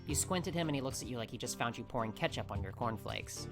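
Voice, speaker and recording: A man's voice: mid-range voice, expressive, fast talker, music in the background. A man hosting a let's play, reading game narration aloud and breaking off to joke. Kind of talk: narrating a visual novel aloud.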